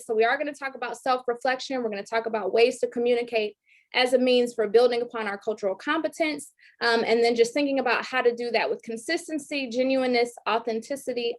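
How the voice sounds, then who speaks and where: A woman in her thirties, an educator giving an online training talk and reciting a spoken-word poem in an earnest, rhythmic way. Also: fairly high pitch. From Detroit, raised in Georgia. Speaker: presenter, educator. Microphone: video call.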